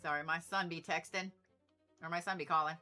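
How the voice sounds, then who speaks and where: A woman's voice: sits low, fairly even intonation, a little fast, pushed and bright, faint music behind. A middle-aged woman hosting an astrology livestream, talking in a chatty, rambling way with frequent swearing and laughing asides. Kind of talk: casual livestream chat.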